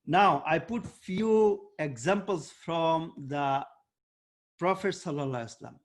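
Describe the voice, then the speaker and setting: A man teaching an online debate workshop over a video call. He coaches and quizzes students by name, and he often pauses and searches for words with fillers. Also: a little high.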